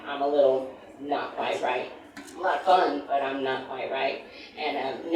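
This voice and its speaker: A middle-aged woman from the United States doing a stand-up comedy set, rambling through self-deprecating asides. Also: deep voice. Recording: echoey room from far, noisy.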